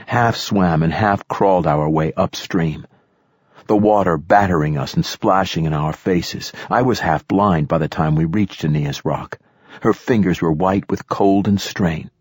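A man narrating a first-person audiobook in a steady, tense storytelling manner. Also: low-pitched, breathy edge, no room sound, studio quality.

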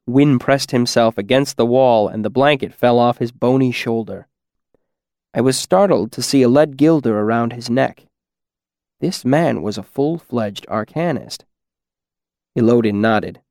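A man narrating a first-person story at a steady, even pace. His voice has a mid pitch. The recording is dry and close with no room sound. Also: measured pace, dry recording. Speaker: audiobook narrator.

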